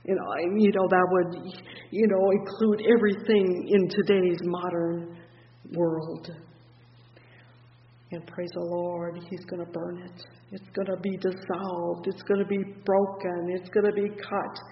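A preacher giving a fervent sermon on a psalm, reading scripture in slow, drawn-out phrases and repeating praise between the verses. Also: mid-range voice, flat delivery. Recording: dull, echoey hall recording with faint hiss.

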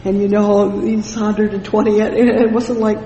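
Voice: medium pitch, little pitch movement, a little slow, hardly any pauses, warm tone. A preacher delivering a fervent sermon, reading scripture and often exclaiming praise between loose, conversational asides. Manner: fervent, punctuated with "praise the Lord"; frequent "you know" fillers and restarts. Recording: echoey hall with long reverb.

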